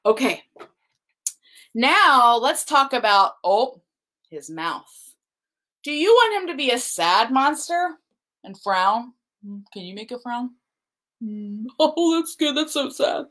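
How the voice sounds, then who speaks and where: Animated, slow-talking children's librarian woman. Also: high voice. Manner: animated, sing-song, coaxing questions to children. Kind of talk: kids' storytime with drawing and booktalks.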